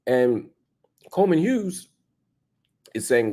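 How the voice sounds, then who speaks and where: Husky gravelly man, animated commentary. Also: on the low side, moderate pace, pauses often. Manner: emphatic, rhetorical questions, swings loud and soft. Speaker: show host. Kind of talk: opinionated commentary monologue.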